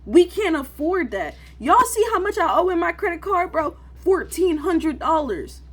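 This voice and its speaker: A woman's voice: very high-pitched, lively intonation, moderate pace. A woman in her twenties giving an emotional, profanity-laced vlog rant, dropping "bro" after almost every line. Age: 20s. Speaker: day trader vlogger. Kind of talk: casual ranting vlog.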